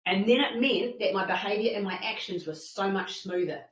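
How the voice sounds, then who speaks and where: Expressive woman in an echoey room. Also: medium pitch, moderate pace. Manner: expressive, acts out her own panicked thoughts. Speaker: fitness instructor and masterclass speaker. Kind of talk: animated personal storytelling talk. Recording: distant, echoey and dull-sounding.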